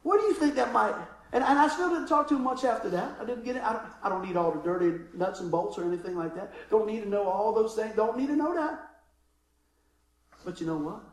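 A middle-aged male pastor with a high voice tells a comic story from the pulpit, laughing as he goes and then sinking into hushed asides. His voice carries through a roomy, echoing hall. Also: brisk. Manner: animated, laughing storyteller who drops to quiet asides. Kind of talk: sermon with humorous storytelling.

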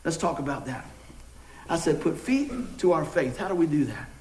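A middle-aged pastor, preaching a sermon with jokes and folksy storytelling. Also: male voice, fairly high pitch, normal speed, slight background noise. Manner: folksy, joking, animated storytelling. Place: church sanctuary. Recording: echoey church room.

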